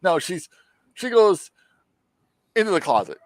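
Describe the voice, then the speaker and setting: A man tells a show's story on a podcast, cursing casually and jumping into the characters' voices. His pitch swings widely as he talks. The sound is dry and close. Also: a little slow, dry recording. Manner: animated storytelling, acts out quotes. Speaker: podcast co-host. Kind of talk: casual profane show recap.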